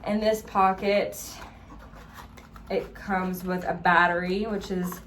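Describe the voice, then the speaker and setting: A woman's voice: on the low side, flat delivery, takes it slowly, noisy background. A young adult woman vlogging in a casual, gushing way, with many "like" fillers. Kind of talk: casual vlog chat.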